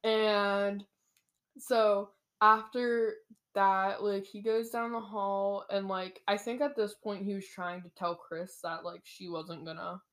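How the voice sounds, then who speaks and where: Bright-voiced girl rambling through a story. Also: mid-range voice, little pitch movement, takes it slowly. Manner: rambling, giggly retelling full of fillers. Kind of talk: casual chat.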